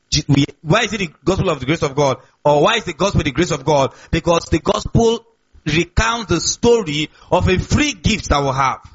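A pastor with a high, husky voice delivers a sermon, repeating key words and asking his listeners if they follow. The recording is dull and lo-fi. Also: a bit bright. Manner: call-and-response preaching, repeats key words.

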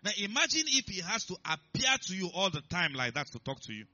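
A man's voice: high voice, very animated, quick pace, sharp tone, lo-fi sound. A man preaching a sermon in church, emphatic and repetitive, often asking if listeners are following. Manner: emphatic, repeats himself, checks in with listeners. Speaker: pastor.

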